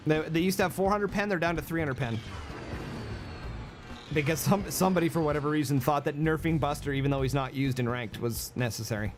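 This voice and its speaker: A game streamer with a high-pitched voice talks briskly through his livestream, brash and joking as he coaches viewers. Faint music plays beneath his speech.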